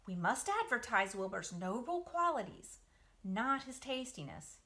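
A patient, clever spider with a motherly calm, read by a woman from a storybook. Her voice is bright and lively, rising when she gives orders. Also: a little high, unhurried, pitched above the performer's own voice, heavily acted.

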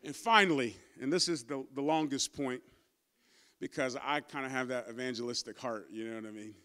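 A man's voice: medium pitch, brisk, pushed and bright. A man pastor preaching a sermon, emphatic and calling out to his congregation, and stumbling over his words when emotional. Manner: stammers and repeats when emotional.

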